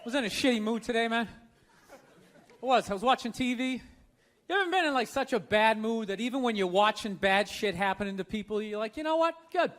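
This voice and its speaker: A high-voiced man from the United States speaks briskly in a stand-up routine. The comedian is sarcastic and profane, taking mock glee in other people's bad luck, and the live set is full of loud crowd noise.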